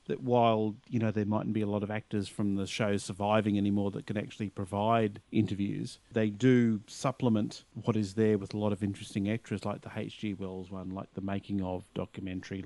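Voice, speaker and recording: A male podcast co-host with a lowish voice, rambling through his points with plenty of fillers. The sound is dry and close. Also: creaky, darkish tone, dry recording. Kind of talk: casual podcast chat.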